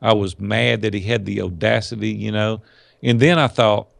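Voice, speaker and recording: A middle-aged man tells stories in a folksy, lively way, acting out what people said. His voice has a gravelly edge, and the sound is dry and close with no room around it. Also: lowish voice, normal speed, no room sound. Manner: folksy, animated storyteller acting out quotes. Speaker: podcast guest, entrepreneur. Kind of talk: storytelling in a casual interview.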